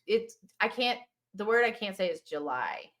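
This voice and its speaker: A woman's voice: mid-range voice, very animated, moderate pace, fairly bright tone. A middle-aged woman hosting a podcast, chatting casually and playfully with lots of fillers. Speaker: podcast host. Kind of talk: casual chat.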